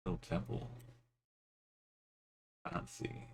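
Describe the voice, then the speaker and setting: A man's voice: takes it slowly, darkish tone, a little hiss or hum. A man streaming a geography game, musing aloud in short, offhand remarks as he plays. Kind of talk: casual commentary while playing.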